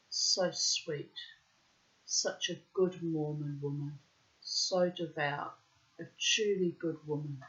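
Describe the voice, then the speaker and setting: A woman's voice: sits low, fairly bright tone. A middle-aged woman telling a personal story in a wry, dramatic, digressive way, with florid wording. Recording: dull lo-fi recording.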